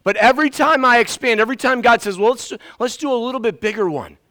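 A man preaching a sermon as pastor, animated, swinging from soft asides to loud outbursts and getting out of breath. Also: very high-pitched, quick pace. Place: church sanctuary.

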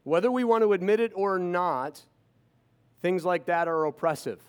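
A man's voice: sits high, expressive, normal speed, smooth. A man in his fifties telling personal stories to an audience, with sarcastic asides. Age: 50s. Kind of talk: storytelling talk to an audience.

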